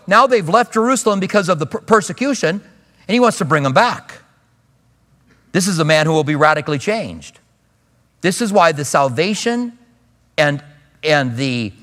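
A man's voice: on the high side, a bit bright. A male pastor teaching a sermon, reading scripture aloud and commenting on it in a conversational way. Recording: long hall reverb.

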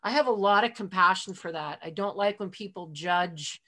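A middle-aged woman talks through her past as a podcast guest in an easy, conversational flow at a medium pitch. She is open about her feelings and sprinkles her speech with casual fillers. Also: normal speed, bright, forceful tone. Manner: chatty, frequent fillers like "like" and "you know"; heartfelt, openly emotional. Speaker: interview guest. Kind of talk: casual storytelling in a podcast interview.

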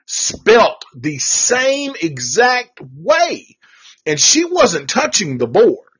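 A man hosting a podcast, telling a ghost story in a casual, profane and animated way. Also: on the high side, slightly rough. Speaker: podcast host. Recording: dull lo-fi recording.

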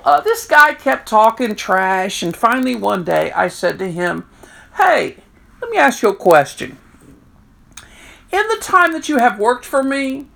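A middle-aged woman with a deeply gravelly, creaky voice tells stories as a prison chaplain. She is animated and leaps up in pitch whenever she quotes herself or others. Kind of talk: storytelling talk.

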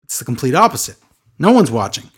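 A man's voice: medium pitch, sing-song, fast, breathy edge. A man co-hosting a wrestling podcast, talking in a sarcastic, ranting way and mimicking the people he describes. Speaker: podcast co-host. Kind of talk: casual podcast chat.

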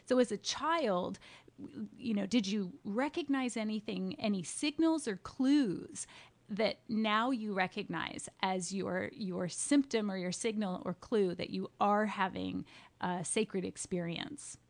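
A woman podcast host asking questions with curiosity and telling stories in a lively way. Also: medium pitch, a little slow, gravelly. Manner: curious, animated storyteller, laughs easily. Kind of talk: conversational interview.

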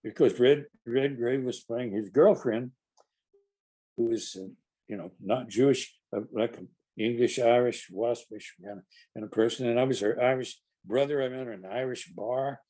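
A man's voice: mid-range voice, normal speed, mellow. An older man, an actor, telling rambling anecdotes in conversation, with many restarts and acted-out quotes. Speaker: actor guest.

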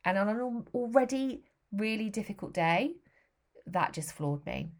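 A woman's voice: mid-range voice, expressive, measured pace. Candid woman in her thirties. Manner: frank and emotional, with blunt swearing. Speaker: vlogger. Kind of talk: candid personal storytelling.

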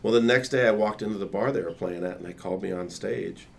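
A man with a deep baritone voice telling a lively anecdote in casual conversation. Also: quick pace, creaky, slight background noise. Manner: animated anecdote-telling with laughs and quoted voices. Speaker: guest. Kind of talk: casual storytelling.

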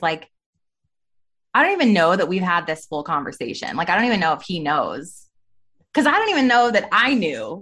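Candid woman telling a lively personal story. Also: mid-range voice. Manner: candid, animated storytelling with frequent "like". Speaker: podcast guest. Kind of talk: personal testimony in a faith podcast interview.

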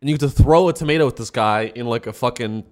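A man's voice: medium pitch, fast talker, darkish tone. A man co-hosting a podcast, telling a rambling story full of swearing and restarts. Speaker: podcast co-host. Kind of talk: casual chat.

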